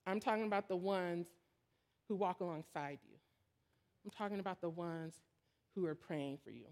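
A woman's voice: fairly low pitch, normal speed, a little mellow. A woman preacher giving a sermon in a candid, storytelling way, building to emphatic points. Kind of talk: conversational sermon.

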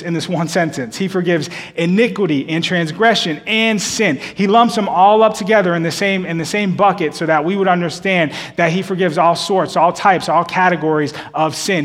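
A man's voice: sits high, big-room sound. A man in his thirties preaching a sermon in a conversational way, often repeating words and phrases.

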